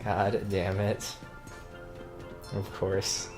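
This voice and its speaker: A man chatting casually while commenting on a video game, teasing and animated, with sudden loud outbursts. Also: sits low, drawn-out words, over music. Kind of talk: casual let's-play chat.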